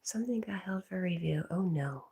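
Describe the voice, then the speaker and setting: A woman hosting a casual livestream, reading viewer comments aloud, talking to her dog and often dropping to a soft whisper. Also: on the low side, lively intonation, a little fast, gravelly, a little hiss or hum. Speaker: livestream host.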